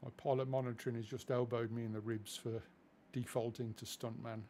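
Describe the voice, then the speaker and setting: A man's voice: mid-range voice, level tone, a little fast, mellow, slight background noise. A man from England chatting casually through a flight simulator live stream, self-deprecating and easily distracted.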